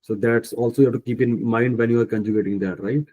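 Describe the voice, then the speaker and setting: A man with an Indian English accent teaching a French class online, speaking slowly and patiently, thinking aloud and correcting himself. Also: medium pitch, fairly even intonation, a little mellow, low-quality recording. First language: Punjabi. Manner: slow, patient, thinking aloud with many fillers; self-correcting mid-sentence.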